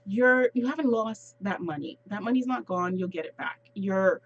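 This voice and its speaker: A woman giving a casual sales training talk, explaining step by step with quick asides. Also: medium pitch, expressive, lo-fi sound.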